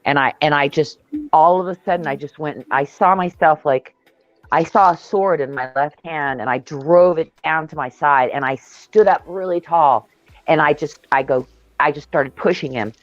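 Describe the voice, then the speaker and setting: Woman, mid-pitched, emphatic storyteller with a swearing streak; dull, dry video-call audio. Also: moderate pace, dry recording. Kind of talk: casual spiritual chat on a video call. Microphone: video call mic.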